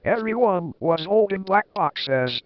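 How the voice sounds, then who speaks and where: High-voiced man reading with wry asides. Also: expressive, unhurried, no room sound. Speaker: reader. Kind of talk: comic dramatic reading. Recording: dull, lo-fi dry recording.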